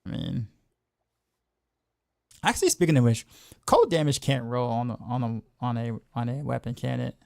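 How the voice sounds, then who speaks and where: A man streaming a game chats through his choices, repeating words and trailing off easily. His mid-pitched voice has a heavy gravel to it, recorded dry and close. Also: lively intonation, moderate pace, long pauses, a little mellow, dry recording. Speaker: game streamer and music teacher. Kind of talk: casual gameplay commentary.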